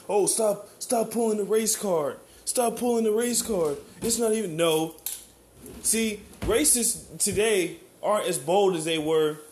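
A man's voice: sits high, a little hiss or hum. An American man in a heated, profane, rambling monologue, often asking "you know what I'm saying". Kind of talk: ranting monologue.

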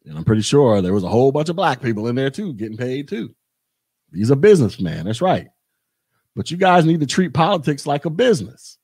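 A man's voice: mid-range voice, very animated, fairly quick, a little mellow, slightly rough, no room sound, clean studio sound. A podcast host, a man, delivering a blunt, repetitive political rant in a monologue. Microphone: podcast mic.

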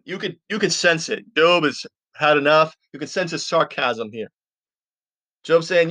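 A man with a voice pitched a little above average leads a podcast Bible teaching. He reads scripture aloud and then unpacks it in loose, everyday language, talking to his listeners in a friendly, informal way. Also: animated, measured pace, bright, forceful tone, dry recording. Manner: reads scripture, then explains it in plain casual talk; informal, addresses listeners as "you guys".

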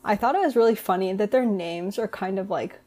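A woman's voice: mid-range voice, a little fast, mellow. A woman hosting a book podcast, chatting casually and summarizing the plot, with many "like"s and "um"s. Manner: chatty, uses fillers like "like" and "um". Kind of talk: casual chat.

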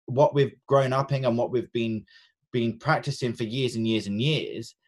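Man, podcast co-host and coach; earnest, reflective, mid-pitched, conversational. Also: fairly even intonation, normal speed. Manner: earnest, reflective, many fillers and restarts. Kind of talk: casual podcast chat.

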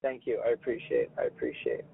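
A man's voice: medium pitch, sing-song, a little fast, gravelly, slightly rough. A male podcast host in casual chat, jokey and full of restarts, who likes trying out silly voices. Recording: dry tinny phone-like line.

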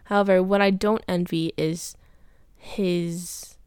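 Rambling, confessional young woman, lowish voice. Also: fairly even intonation, slow pace, darkish tone, clean tone, no room sound, studio quality. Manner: rambling, confessional, many fillers. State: teary. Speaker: podcaster. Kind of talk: personal diary monologue.

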